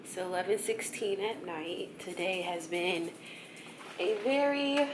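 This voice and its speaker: A woman vlogging casually, telling a story from her day and acting out her own thoughts in a lively way. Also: a little slow, music in the background. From USA. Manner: animated, jumps high in pitch when acting out her own thoughts.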